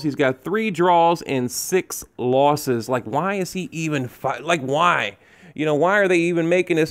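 Ranting man, boxing commentary. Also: fairly high pitch. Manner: animated ranting with frequent restarts and asides. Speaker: boxing channel host. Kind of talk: casual commentary, reading news and memes aloud.

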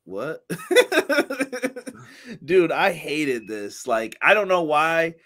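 A man's voice: on the high side, sing-song, extremely slow, a bit bright. A man co-hosting a casual wrestling review chat, laughing often and reading out viewer comments. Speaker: podcast co-host.

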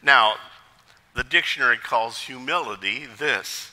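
A male pastor preaches a sermon, with lively storytelling and jokes. His voice is very bright and forceful and rises and falls a great deal. A long reverb hangs in the church sanctuary. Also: fairly high pitch, unhurried.

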